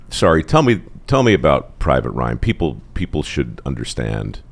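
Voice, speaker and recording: Middle-aged podcast host guy, super deep gravelly voice, teasing and chatty. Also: unhurried. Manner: animated, teasing and playful. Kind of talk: casual chat.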